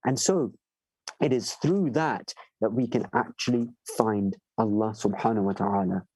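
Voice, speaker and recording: A man giving a sermon, telling stories with animated delivery and asking listeners "right?" as he goes. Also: fairly low pitch, moderate pace, breathy edge, rough recording. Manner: animated storyteller, acts out voices in tales. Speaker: shaykh giving a majlis lecture. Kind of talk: sermon with storytelling.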